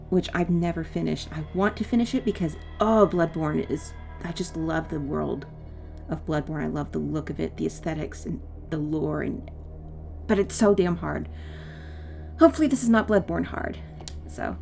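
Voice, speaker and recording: A woman's voice: on the low side, vocal fry, darkish tone. A woman chatting casually as she plays a video game, rambling into side tangents and apologizing for them. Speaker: let's play gamer. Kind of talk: casual gameplay commentary.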